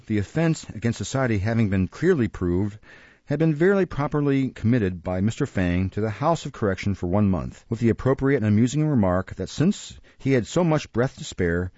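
A man reading a classic novel aloud in a measured, expressive storybook narration, recorded close and dry in a dull lo-fi recording. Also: on the low side, no room sound. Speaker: audiobook narrator.

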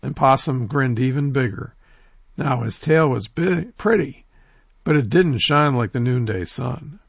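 A man telling a folk tale in a lively oral storytelling manner, talking straight to his listeners. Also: mid-range voice, a little slow, gravelly, no room sound, lo-fi sound. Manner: lively, animated, addresses listeners directly.

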